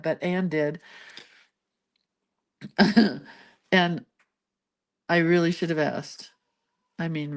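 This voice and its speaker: A woman hosting a craft channel, telling a rambling story in casual chat and laughing between lines. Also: on the low side. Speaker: lettering and doodling channel host.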